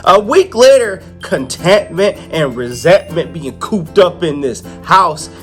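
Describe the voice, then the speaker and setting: A man's voice: high voice, expressive, slow pace, a bit bright, faint music behind. A man reviewing a comic book in a casual, joking, slangy retelling. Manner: joking, slangy, laughs at own asides.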